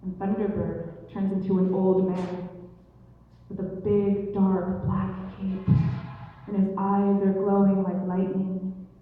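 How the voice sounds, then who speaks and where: A young woman telling a traditional story in a casual, lively way, slipping into the characters' voices with slangy asides. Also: mid-range voice, slow pace, distant mic. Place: event hall. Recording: echoey hall recorded from afar, dull.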